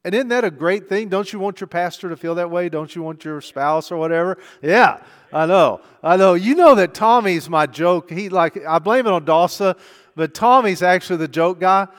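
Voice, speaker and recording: Pastor guy preaching, kinda high voice, goes soft then loud, big hall echo. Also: moderate pace. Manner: conversational storytelling, swinging between hushed and loud. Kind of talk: sermon. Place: church sanctuary. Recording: long church hall reverb.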